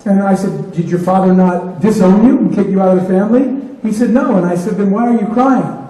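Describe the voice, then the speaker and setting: A man with a high, mellow voice tells a motivational story to an audience, acting out both sides of a conversation. He sounds far from the mic, in a big echoing hall with a long reverb. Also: fairly quick. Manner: retells conversations in dialogue. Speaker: keynote speaker.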